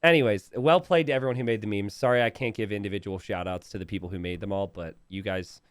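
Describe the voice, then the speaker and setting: A man's voice: lowish voice, fast, clean tone, no room sound, studio quality. A man casually chatting on a stream as a game caster, laughing often and teasing his viewers. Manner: giggly, animated, laughs often mid-sentence; chatty, teasing, self-correcting. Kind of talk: casual stream chat reacting to viewer memes.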